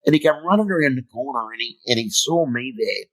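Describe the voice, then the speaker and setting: A man's voice: mid-range voice, expressive, quick pace, a bit bright, rough recording. Aussie guy telling stories in an interview, blunt and funny, swears a lot, middle-aged. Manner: blunt, swearing, humorous storyteller. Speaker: guest, motivational speaker. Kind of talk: storytelling interview.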